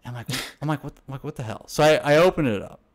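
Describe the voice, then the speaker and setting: A man's voice: mid-range voice, expressive, quick pace. A young man co-hosting a casual chat, telling a story in a rambling, laughing way full of restarts. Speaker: podcast co-host.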